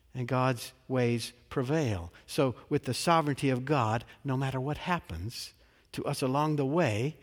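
A male pastor preaching a sermon in a measured, emphatic way, posing rhetorical questions and answering them. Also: medium pitch. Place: large church sanctuary. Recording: long reverb of a large church.

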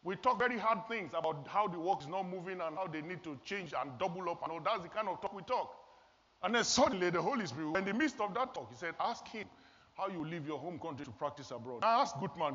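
A man's voice: high voice, animated, a little fast, fairly bright tone, slightly rough. A man from Nigeria, preaching a sermon in an earnest, storytelling way. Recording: long hall reverb, dull lo-fi sound.

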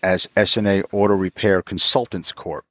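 A man in his fifties, a mechanic, telling stories in a chatty, animated way as an interview guest. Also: sits low, moderate pace, no room sound, studio quality. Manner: chatty, animated, laughs often. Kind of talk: casual storytelling.

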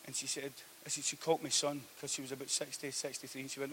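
A man preaching a sermon, telling a story that swings from hushed to loud. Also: medium pitch, flat delivery, quick pace, hardly any pauses, slight background noise. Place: church hall.

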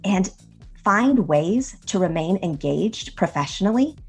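A woman guest on a podcast giving career advice in a steady, earnest manner. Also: mid-range voice, unhurried, slightly rough, faint music behind.

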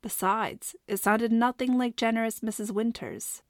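Woman, audiobook narration, steady, measured, dry close recording. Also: a little high, no room sound.

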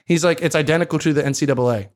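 A man's voice: a little high, very fast. A man with a South Jersey accent, co-hosting a casual podcast and explaining at length with frequent ums. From South Jersey, USA. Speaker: podcast co-host.

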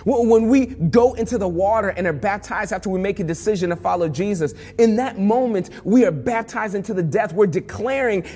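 A man's voice: high-pitched, brisk, hardly any pauses, dark tone, breathy edge, in a large hall, faint music behind. A male pastor preaching a sermon in a conversational way that builds to fervent emphasis.

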